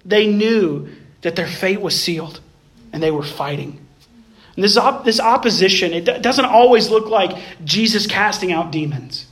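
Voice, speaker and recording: A man with a notably high voice delivers a sermon with strong emphasis. He swings from raised, insistent passages to quiet, hushed ones and speaks to his listeners directly as "guys". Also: moderate pace. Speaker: pastor.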